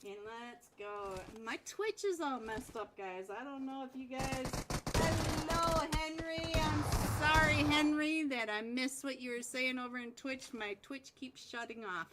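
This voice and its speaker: A woman's voice: fairly high pitch, background noise. A young woman casting a mobile battle royale match live, playful and giggly, chatting with viewers between play calls. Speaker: esports caster. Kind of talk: live game commentary.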